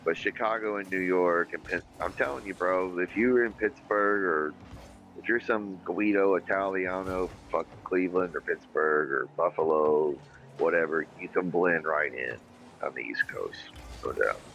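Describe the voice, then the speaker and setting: A man with a very low, deep voice hosts a loose livestream chat. He rambles, swears freely and reads viewer comments aloud in an emphatic, offhand way. Faint music plays underneath. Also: moderate pace, creaky, a bit bright, low-quality recording. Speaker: livestream podcast host.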